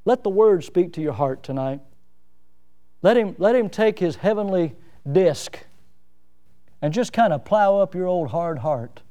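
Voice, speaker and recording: A middle-aged man preaching a sermon in a folksy, plain-spoken way, with self-mocking humor and lively emphasis. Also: high voice, measured pace, long pauses.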